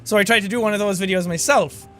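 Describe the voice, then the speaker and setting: An Irish man casually reacting to his old videos, excitable and self-deprecating, with quick exclamations. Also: high-pitched, faint music behind. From Ireland.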